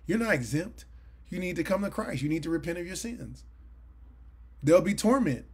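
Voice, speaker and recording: Earnest preaching man, higher voice. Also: expressive, moderate pace, slightly rough. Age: 40s. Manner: earnest, conversational preaching with rising emphatic bursts. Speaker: Bible study teacher. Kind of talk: sermon-style Bible teaching. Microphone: livestream mic.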